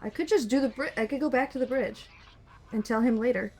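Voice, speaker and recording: Chatty higher-voiced woman streamer reading game text aloud. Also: a little mellow, slightly rough. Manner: chatty, quick asides.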